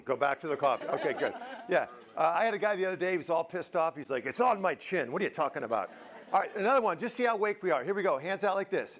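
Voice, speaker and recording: A man's voice: a little high, a bit bright. A middle-aged man giving a motivational talk to a live audience in a university auditorium, joking and coaxing the crowd. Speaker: motivational speaker.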